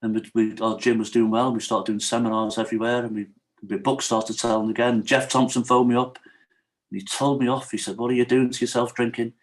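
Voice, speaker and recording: A man's voice: fairly low pitch, fairly quick, poor audio. A middle-aged man, a podcast guest telling his life story candidly and vividly, acting out what others said and often checking in with "right?". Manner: animated storyteller, acts out quotes, often asks "right?".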